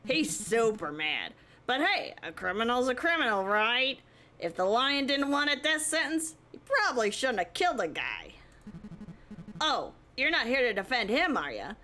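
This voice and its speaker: A woman doing a bright, mouthy prison guard. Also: fairly high pitch, big pitch swings, normal speed, faint music behind. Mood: mocking. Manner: casual and mocking. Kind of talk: reading a visual novel aloud.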